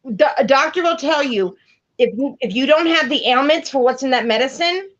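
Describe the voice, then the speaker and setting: A woman's voice: high voice, animated, brisk, fairly bright tone, lo-fi sound. A woman in her fifties hosting a casual live stream chat, teasing and bossy, laughing often. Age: 50s.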